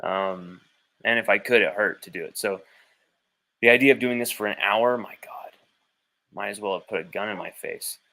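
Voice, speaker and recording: Speaking fairly quickly, this man's voice sits fairly low, creaky, pushed and bright. He's a sports podcast host streaming from home with his child close by, rambling bluntly and casually, swearing without a second thought.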